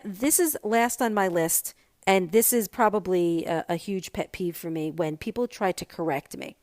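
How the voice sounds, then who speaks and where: A middle-aged woman with a voice on the low side hosts a casual solo podcast, chatting animatedly about her pet peeves. The recording has no echo.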